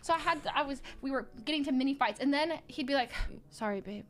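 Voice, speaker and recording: A woman's voice: high-pitched, steady tone, fast talker, faint music behind. A woman telling a funny story in casual chat, laughing and acting out quoted voices.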